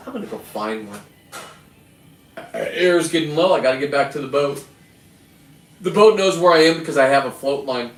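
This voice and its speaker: A middle-aged man rambling through a profane, boastful story as host of his own videos. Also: mid-range voice. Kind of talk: rambling casual monologue. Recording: echoey and distant with faint ambience.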